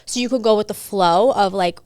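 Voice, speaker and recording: A woman co-hosting a podcast, telling a story in a casual, animated way with lots of filler words. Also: medium pitch, a little fast, clean tone, no echo, clean studio sound. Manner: animated, chatty, many fillers. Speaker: podcast co-host.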